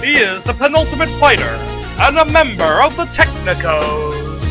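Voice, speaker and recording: A man doing a booming ring announcer. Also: big pitch swings, over music. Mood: grand. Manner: drawn-out, loud introductions.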